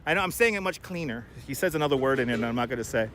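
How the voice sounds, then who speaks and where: A man's voice: mid-range voice, animated, rapid-fire, a bit bright, slight background noise. A man hosting a casual live stream while walking city streets, chatting and answering viewer comments on a clip-on mic. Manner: chatty, rambling, reads viewer comments aloud. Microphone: wireless clip-on mic.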